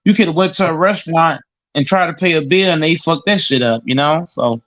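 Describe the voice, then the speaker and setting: A man's voice: a little high, a little fast, a bit bright. A man in casual podcast chat who stammers and repeats words as he talks. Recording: dull lo-fi recording.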